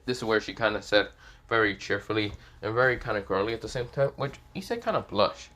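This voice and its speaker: A man's voice: fairly low pitch, lively intonation, fast, fairly bright tone. A man improvising a fan story aloud, rambling and hesitant, with many fillers.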